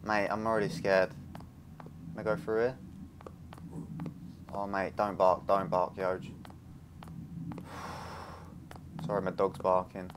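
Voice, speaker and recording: A man's voice: low-pitched, monotone, slow, pauses often, noisy background. Nervous swearing young man. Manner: nervous, swearing, rambling, jumpy. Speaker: gaming youtuber. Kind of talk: casual let's play commentary.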